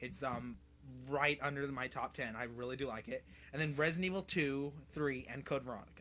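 A young man co-hosting a casual podcast about video games, excitable and laughing often as he tells stories. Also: mid-range voice, a little fast. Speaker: podcast co-host.

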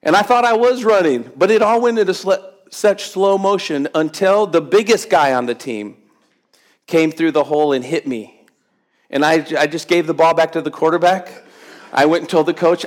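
A fairly high-voiced male pastor preaching. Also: normal speed. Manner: conversational preaching with humor, rising to emphatic. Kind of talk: sermon. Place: church sanctuary with congregation.

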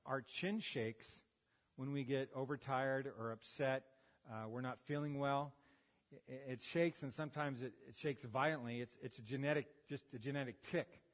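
In a large hall that serves as a church sanctuary, a medium-pitched American man in his fifties delivers a sermon through a handheld or headset microphone. As pastor, he leans on folksy anecdotes and self-deprecating humor.

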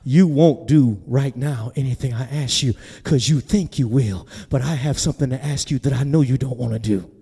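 A man voicing God as a stern male divine voice with a calm, blunt rebuke. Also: medium pitch, normal speed, vocal fry, few pauses, breathy edge, in a large hall, pitched below the performer's own voice.

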